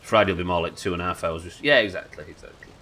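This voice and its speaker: A man's voice: low voice, racing, bright, forceful tone. A man with a Yorkshire accent chatting casually and swearing freely while streaming a game. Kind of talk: casual live-stream chat while gaming.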